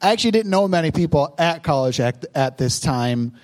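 A man's voice: a little high, animated, brisk, a little mellow. A pastor in his thirties telling how he met his wife, teasing and joking as he preaches. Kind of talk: sermon told as a couple's story.

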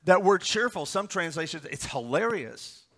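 A pastor giving a sermon, reading scripture verses aloud and explaining them with stories and asides. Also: male voice, sits high, very animated, moderate pace, sharp tone.

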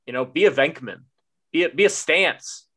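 A man's voice: on the high side, normal speed, a bit bright, breathy edge. A man co-hosting a podcast who gives an earnest, folksy pep talk to listeners. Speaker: podcast co-host. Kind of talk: closing monologue.

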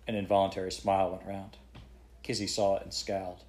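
A man reads a children's novel aloud to a child, steady and expressive. His voice sits low and relaxed. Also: fast talker. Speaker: reading a book aloud to a child. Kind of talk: bedtime storybook reading.

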